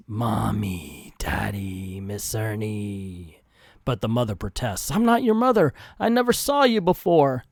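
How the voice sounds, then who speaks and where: Animated man reviewing comic books. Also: mid-range voice, no echo, studio quality. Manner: animated, sarcastic asides. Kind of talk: casual commentary.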